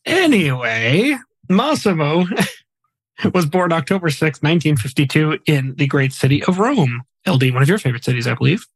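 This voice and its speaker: A man hosts a casual podcast, reading through notable deaths in a relaxed, chatty way with small jokes. His voice sits a bit high for a man. The sound is close and dry. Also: fairly quick, gravelly, slightly rough, dry recording, low-quality recording. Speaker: podcast host. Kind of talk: casual chat, reading a memorial segment.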